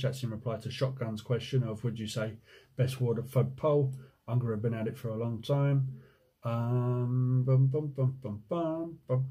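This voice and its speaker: Relaxed, husky man with a Jersey accent. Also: medium pitch. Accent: Jersey, mixed with time in the USA. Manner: chatty and joking, reads questions aloud, hums while scrolling. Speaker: window cleaning business owner answering viewer questions. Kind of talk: casual Q&A vlog.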